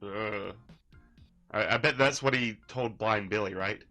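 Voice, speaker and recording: Bright-voiced mocking male commentator. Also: on the low side, measured pace, faint music behind. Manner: rambling, mocking, laughs at his subject. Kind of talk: casual reaction commentary.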